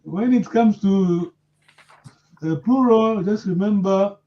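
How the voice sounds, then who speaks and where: A slightly high-voiced man leads a language class, patiently drilling his students and correcting their pronunciation. His voice comes through dull, lo-fi audio. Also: slow. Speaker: language teacher. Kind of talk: live language lesson.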